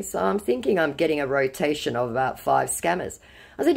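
A woman's voice: deep voice, very animated, a little fast, vocal fry, darkish tone, husky. A woman telling a scam-baiting story in a blunt, sarcastic way. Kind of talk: casual storytelling.

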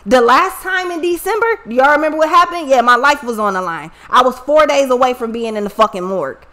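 A woman host telling a personal story to her viewers in a blunt, profane, animated way. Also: sits high, a little fast. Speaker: tarot reader and channel host.

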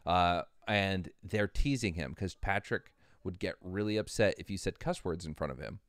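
A man with a very low, smooth, resonant voice, hosting a casual chat. He tells stories in a relaxed, easygoing way and swears casually. The sound is close and dry. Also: moderate pace, dry recording. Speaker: host.

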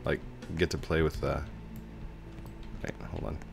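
Deep gravelly man playing a game. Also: little pitch movement, unhurried, over music. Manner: playful, silly sound effects and sudden high yelps. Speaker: gaming YouTuber. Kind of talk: casual let's-play commentary.

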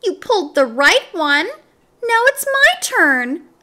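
A woman's voice: very high voice, huge pitch swings, slow, bright, forceful tone, voice pushed up, exaggerated voice. A woman voicing a talking pigtail that whines and coaxes a boy into mischief, in a storybook reading. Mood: coaxing. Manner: whiny, coaxing.

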